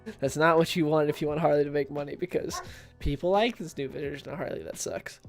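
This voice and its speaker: A man's voice: fairly high pitch, brisk, soft background music. Chatty man hosting a comics livestream. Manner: chatty, reads chat and recaps aloud, laughs at own jokes. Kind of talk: casual livestream chat.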